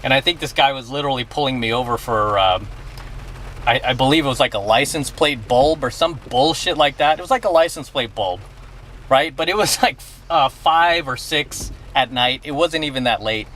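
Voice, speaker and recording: A man's voice: medium pitch, normal speed, a bit bright, a little hiss or hum. A man vlogging outdoors beside his car, telling a story and giving blunt advice, often checking in with "okay?". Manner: emphatic, blunt, keeps asking "okay?". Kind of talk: casual storytelling and advice to camera.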